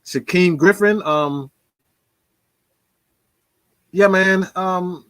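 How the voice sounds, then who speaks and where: A man's voice: high-pitched, extremely slow, a bit bright, clean tone, dry recording. A man giving casual, slangy football commentary, talking loosely with frequent laughs. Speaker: sports commentator. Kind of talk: casual sports talk.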